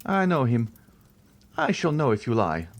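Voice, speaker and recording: A man's voice: medium pitch, big pitch swings, unhurried, voice pushed up. A man voicing a stern, commanding older priest who interrogates with an imperious, accusing manner. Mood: probing.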